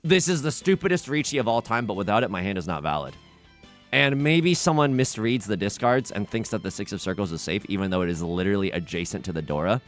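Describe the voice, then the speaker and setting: A man's voice: lowish voice, lively intonation, fast, soft background music. A young man hosting a let's play, chatting casually over his game in a rambling, self-interrupting way.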